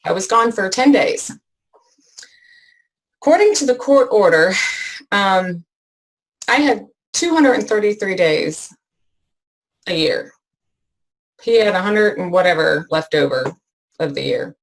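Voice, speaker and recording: A woman giving an emotional personal account as an interview guest, halting with many fillers and restarts. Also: medium pitch, animated, rough recording.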